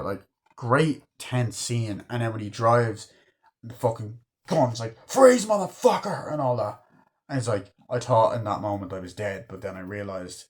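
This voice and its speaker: A man giving a casual, rambling film review, swearing freely as he retells scenes. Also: fairly low pitch. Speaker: movie reviewer.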